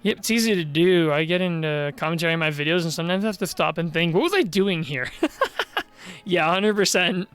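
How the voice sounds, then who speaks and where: A man's voice: fairly high pitch, a little fast, a bit bright, clear, resonant tone, soft background music. Chatty man streaming a game. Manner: chatty, rambling, laughs easily. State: tired, worn-out voice. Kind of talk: casual live-stream commentary while gaming.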